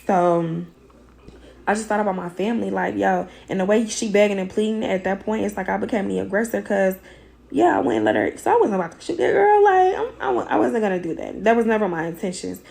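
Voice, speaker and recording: A hoarse mother, her voice worn out, recounting a fight in a blunt, emphatic, profane way. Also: medium pitch, animated, brisk, darkish tone. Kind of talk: casual storytelling.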